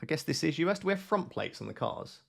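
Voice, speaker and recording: A man's voice: fairly high pitch, big pitch swings, fast, vocal fry. Man thinking aloud over a game. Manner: thinks aloud, questions himself. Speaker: gaming channel host. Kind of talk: live gameplay commentary.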